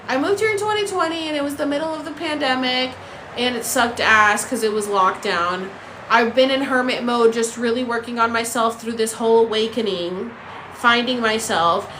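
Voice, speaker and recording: A woman hosting a casual livestream chat, ranting in an animated, profane, incredulous way. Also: fairly high pitch, roomy sound, a little hiss or hum. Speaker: TikTok live host. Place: apartment in a city.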